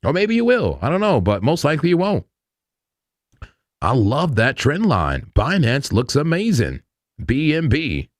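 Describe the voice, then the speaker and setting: On his live crypto trading stream, a man walks through charts in a casual, slangy way, often breaking into laughter. His voice is a little high with huge pitch swings and a measured pace, in clean studio sound without echo.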